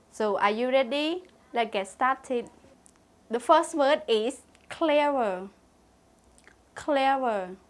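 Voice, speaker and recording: A young woman teaching English words in a lesson, spelling each word letter by letter and repeating it. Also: fairly high pitch. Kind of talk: slow vocabulary lesson with spelling and repetition.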